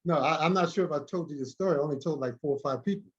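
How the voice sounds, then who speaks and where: A man, a guest in an interview, telling a story in an animated way, often repeating and restarting words. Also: fairly high pitch, very fast. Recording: dull lo-fi recording.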